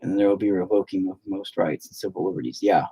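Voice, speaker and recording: A man's voice: low-pitched, fast talker, gravelly, husky. A young man chatting casually on a livestream, rambling and swearing freely while he works on a painting at home. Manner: rambling, profane, animated. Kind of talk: casual stream chat. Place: home, indoors.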